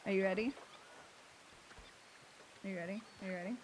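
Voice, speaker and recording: A woman's voice: medium pitch, steady tone, fairly quick, noisy background. A woman streamer chatting casually and playfully with her viewers and thanking them.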